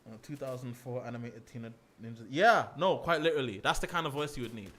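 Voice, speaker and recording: A man's voice: medium pitch, fast, slight background noise. A young man, ranting playfully and swearing while streaming a game. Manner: animated, swearing, playful rants. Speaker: gaming streamer. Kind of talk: casual gaming commentary.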